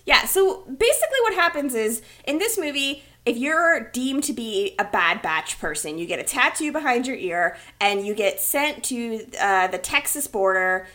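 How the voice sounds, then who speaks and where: A woman co-hosting a casual movie review chat, animated and exasperated, laughing often. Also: a little high, moderate pace, few pauses. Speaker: podcast co-host.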